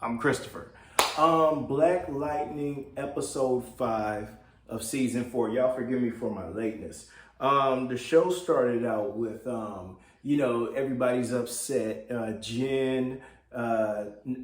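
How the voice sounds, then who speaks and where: A man giving a loose, casual recap of a TV episode, chatty and full of fillers. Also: medium pitch. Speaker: TV show recap blogger. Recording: roomy echo.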